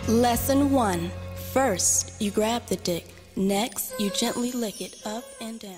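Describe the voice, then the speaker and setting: A woman plays a teasing album-skit reader who drags out every step. Her voice sits a bit high and moves slowly over faint music. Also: a little mellow. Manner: slow, drawn-out reading. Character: woman reading slow instructions on an album skit.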